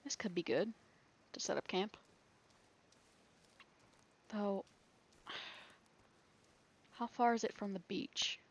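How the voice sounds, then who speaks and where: A gaming video creator plays a survival game and thinks aloud, chatty, rambling and laughing often. Her voice is husky and medium-pitched, at a slow pace with long pauses.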